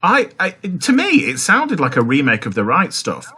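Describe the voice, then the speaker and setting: A man's voice: fairly high pitch, huge pitch swings, normal speed, sharp tone, slightly rough. A man co-hosting a podcast in casual chat, speaking emphatically and dramatically. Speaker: podcast co-host.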